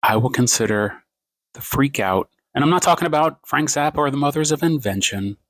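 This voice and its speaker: A man ranting to his phone camera at home late at night, rambling and self-mocking, swinging his pace and pitch for emphasis. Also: expressive, a little fast, dry recording. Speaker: TikTok creator.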